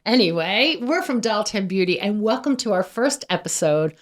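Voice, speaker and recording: A woman co-hosting a beauty podcast with a raspy voice, chatting casually and laughing often. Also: expressive, moderate pace. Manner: chatty, laughs often, swings her pitch while telling stories. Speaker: podcast co-host, brand founder. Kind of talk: casual chat. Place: indoor room.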